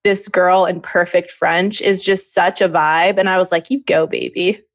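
A woman co-hosting a podcast, chatting casually about a show and often saying "like" in a relaxed way. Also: lowish voice, moderate pace. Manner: relaxed, fills talk with "like". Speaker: podcast co-host. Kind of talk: casual recap chat.

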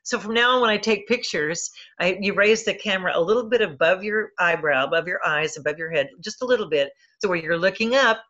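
Bright-voiced chatty woman film critic. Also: medium pitch, brisk, hardly any pauses, dull audio. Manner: chatty, lots of fillers and restarts. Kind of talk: interview answer, telling anecdotes.

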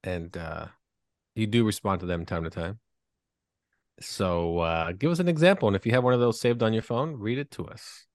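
A man's voice: fairly low pitch, normal speed, no room sound, clean studio sound. A man hosting a casual podcast chat, teasing and steering the talk between guests. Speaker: podcast host.

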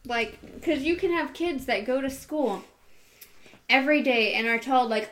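A woman's voice: fairly high pitch, moderate pace. A woman in casual conversation, telling stories animatedly and acting out the people she quotes. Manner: animated, acts out quoted voices. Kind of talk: casual chat.

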